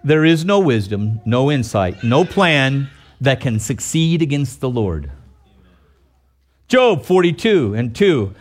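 A male pastor delivers a sermon at an unhurried, deliberate pace, leaning hard on each word of scripture. His slightly high voice swoops up and down with lively swings and breaks into loud, exclaiming peaks. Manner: reads scripture slowly and emphatically, with sudden loud, exclaiming peaks.

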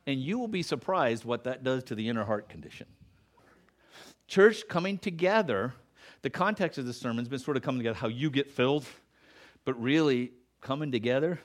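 A middle-aged male pastor preaching a sermon in church, earnest, rising in emphasis then dropping soft, closing in prayer. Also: mid-range voice. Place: church sanctuary.

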